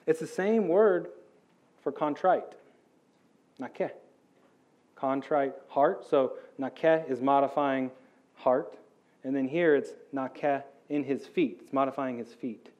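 A man's voice: medium pitch, takes it slowly, pauses often, a little mellow. An American man giving a casual Bible teaching, talking informally with many "like"s and "right?"s. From United States. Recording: dull lo-fi sound.

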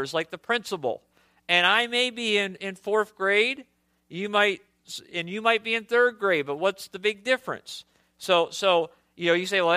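A man's voice: high-pitched, bright, forceful tone, smooth, no room sound. A middle-aged male pastor preaching a sermon earnestly, often restarting and repeating his phrases.

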